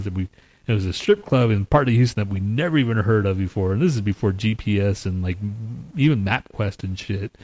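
A man's voice: on the low side, animated, moderate pace, darkish tone, dry recording. A man co-hosting a podcast in casual chat, rambling and swearing, with "man" and "freaking" as his fillers. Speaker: podcast co-host.

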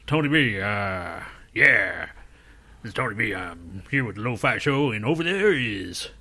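Male podcast co-host, low voice, profane and rambling, casual banter. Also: animated, unhurried, sharp tone. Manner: profane, rambling, laughs often.

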